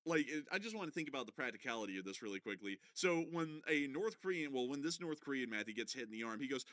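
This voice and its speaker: A man's voice: medium pitch, lively intonation, fast talker, hardly any pauses, a bit bright, no echo. A man commenting casually on a video, mixing joking asides with rambling analysis full of fillers. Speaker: online war commentator.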